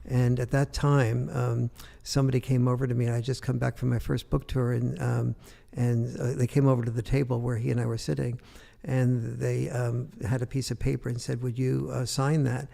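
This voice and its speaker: Gravelly older man telling a story. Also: mid-range voice, little pitch movement, moderate pace, warm tone, in a large hall. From United States. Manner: rambling anecdotal storytelling with many fillers. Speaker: guest author. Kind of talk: storytelling in an interview.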